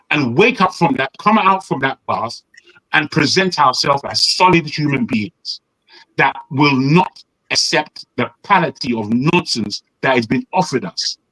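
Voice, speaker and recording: A man's voice: on the high side, bright, forceful tone, no room sound, rough recording. A man from Nigeria, hectoring a panel with heated rhetorical questions. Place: living in the West.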